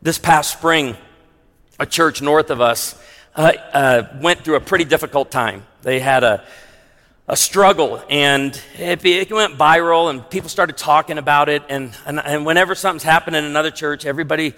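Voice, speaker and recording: High-voiced pastor preaching in a hall. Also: male voice, normal speed, a bit bright. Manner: conversational preaching with humorous asides. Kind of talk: sermon. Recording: long hall reverb.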